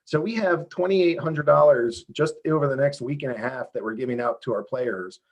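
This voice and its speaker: A man being interviewed over a video call, explaining how his game works in a lively, fast, self-interrupting way. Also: medium pitch, highs cut off. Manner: animated, talks fast with many restarts and fillers. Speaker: game developer guest.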